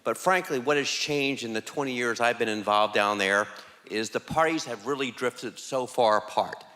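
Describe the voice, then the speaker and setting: A man's voice: mid-range voice, normal speed, sharp tone. A man on a church panel, a former legislator, speaking forthrightly and with emphasis. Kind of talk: panel talk. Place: large church hall, live audience. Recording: long hall reverb.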